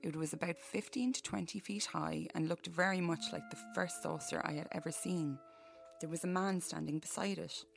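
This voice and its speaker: A woman's voice: fairly low pitch, fairly even intonation, moderate pace, vocal fry, soft background music. A woman hosting a podcast who reads a book aloud and breaks off for profane, jokey asides. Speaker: podcast host.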